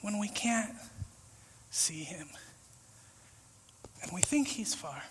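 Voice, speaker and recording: A man preaching a casual, conversational sermon, acting out little scenes with sudden shouts and whispers. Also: high voice, expressive, takes it slowly, background noise. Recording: echoey hall with long reverb.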